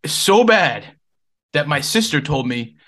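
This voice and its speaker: A man's voice: a little high, very animated, a little slow, fairly bright tone. A man in casual podcast chat, joking, emphatic and laughing often.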